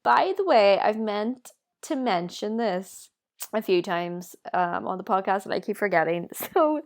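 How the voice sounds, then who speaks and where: A woman's voice: mid-range voice, animated, unhurried. A woman from Northern Ireland co-hosting a podcast, telling stories in a chatty, laughing way with lots of fillers. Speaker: podcast co-host. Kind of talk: casual chat.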